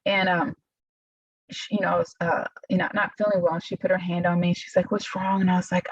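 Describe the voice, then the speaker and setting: Husky-voiced woman telling her story. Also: medium pitch, dry recording, lo-fi sound. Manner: emotional, halting, quotes others in lively voices. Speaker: podcast guest. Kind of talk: casual interview storytelling.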